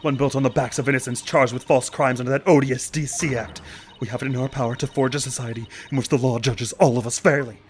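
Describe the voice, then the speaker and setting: A man voicing a grave, resolute widowed noblewoman in a game let's play, with a lowered delivery. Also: fairly even intonation, fast talker, soft background music, lightly acted. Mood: solemn.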